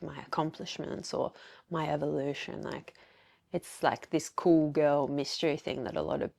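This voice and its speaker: With a low voice, a darkish tone and vocal fry, an Australian podcast host talks on her own, reflecting openly and confessionally. Her speech is full of fillers, and she quotes her own inner thoughts aloud.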